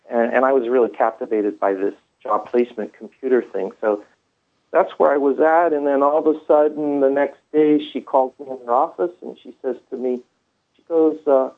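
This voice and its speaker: A man telling his story in a rambling way, with many fillers and restarts, heard through a phone line. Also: mid-range voice. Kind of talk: first-person storytelling.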